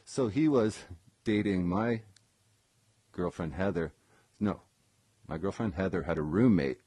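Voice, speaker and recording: Deep-voiced man rambling through a story. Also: a little slow, mellow, husky, dry recording. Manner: rambling, full of ums and self-corrections. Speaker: former session guitarist telling a personal story. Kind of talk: casual live-streamed storytelling.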